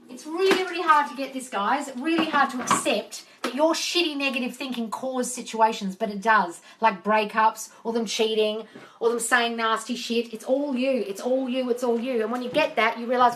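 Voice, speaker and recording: A woman's voice: fairly high pitch, moderate pace, fairly bright tone, a little hiss or hum. A woman hosting a live phone stream from home, answering viewer questions in a chatty, blunt way, swearing and calling people darling. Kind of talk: casual chat reading and answering comments. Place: home, moving about into the kitchen.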